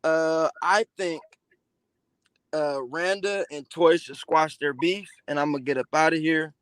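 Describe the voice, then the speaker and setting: Halting man calling in, higher voice. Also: fairly bright tone, clean tone, dry recording. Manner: halting, full of fillers and repeats. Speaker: call-in guest. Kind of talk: casual call-in chat.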